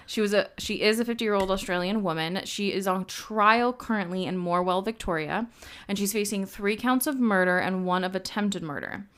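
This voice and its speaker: Young woman gabbing about true crime on a podcast, smooth clear voice, swears a lot. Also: mid-range voice, brisk. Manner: chatty, laughs often, swears casually. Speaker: podcast co-host. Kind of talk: casual true-crime chat. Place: New York.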